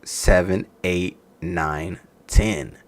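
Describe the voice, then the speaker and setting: A man's voice: low-pitched, extremely slow. A man casually reviewing a wrestling show, talking loosely and profanely as he tells stories and laughs along. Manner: animated, profane, storytelling with laughs. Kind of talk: casual reaction chat.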